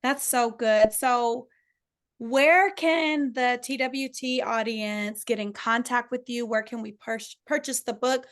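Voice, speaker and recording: A woman's voice: fairly high pitch, steady tone, slow, a bit bright, smooth. A woman hosting a faith-minded podcast, encouraging her guest and closing with affirmations. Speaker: podcast host. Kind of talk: podcast interview and sign-off.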